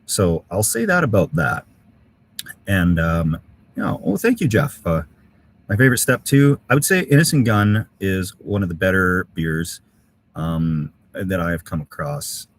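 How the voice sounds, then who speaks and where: A middle-aged man with a low, easygoing voice chats with viewers on a live stream, filling his sentences with uhs and ums as he reads their comments. He sounds relaxed and unhurried. A faint hiss sits under his voice. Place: outdoor winter camp in severe cold.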